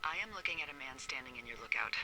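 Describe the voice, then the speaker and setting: An actress playing a sharp-tongued, teasing middle-aged woman who supervises fire lookouts, in video game voice acting over game music. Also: a bass voice, lively intonation, fast, heavy background noise. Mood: alarmed. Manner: wisecracking, teasing.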